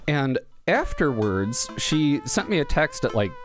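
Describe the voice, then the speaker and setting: Brief: male streamer, casual and heartfelt chatter, animated pitch, clear game music behind. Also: a little slow. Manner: rambling, emotional, self-interrupting. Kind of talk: casual chat while playing a game.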